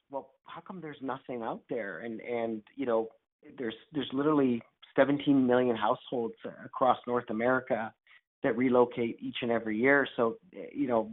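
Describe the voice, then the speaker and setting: A man, a startup founder as guest, answering interview questions over a call in a rambling way, often restarting his sentences. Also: medium pitch. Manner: rambling with many restarts and fillers. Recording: tinny phone-line audio.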